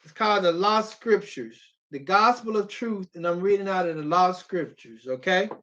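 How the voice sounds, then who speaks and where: Reading scripture aloud, this preacher delivers an urgent, pleading sermon full of repeated phrases and sudden shouting. The voice is medium in pitch, animated and moderately paced, though the recording loses its high frequencies.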